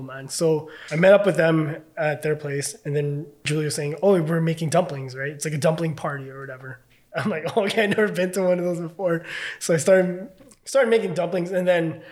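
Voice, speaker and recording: A man casually telling a story as a podcast guest, loose and chatty, full of fillers and swearing. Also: a little high.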